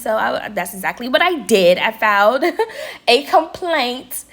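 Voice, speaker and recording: Young adult woman, higher voice, casual storyteller who acts out the quotes. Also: a little slow. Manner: chatty, addresses viewers as y'all, quotes people with lively voices. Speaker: vlogger and nail tech.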